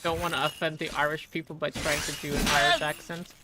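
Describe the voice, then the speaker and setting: A woman streamer chats casually to her viewers while she plays, her voice sitting fairly low. She rambles and restarts, leaning on fillers. Noise and clicking carry clearly behind her. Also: level tone. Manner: rambling, halting, many "like" fillers. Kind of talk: casual live-stream gaming chat.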